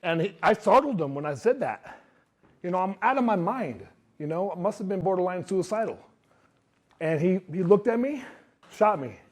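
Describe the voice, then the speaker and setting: A man giving a motivational talk to a live audience, telling his story in an animated way and acting out what others said. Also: high voice, moderate pace, long pauses. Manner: animated storyteller who acts out quotes. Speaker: speaker.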